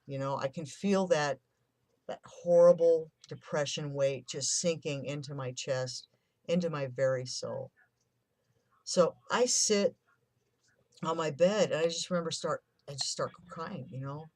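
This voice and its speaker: A person in their fifties speaks at a middle pitch, recounting their own childhood in a raw, confessional way and slipping into the voices of the people they remember. The sound is close and dry. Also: measured pace, a little mellow, no echo. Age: 50s. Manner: candid and emotional, swears, acts out remembered quotes. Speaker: vlogger sharing a personal story. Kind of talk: personal storytelling.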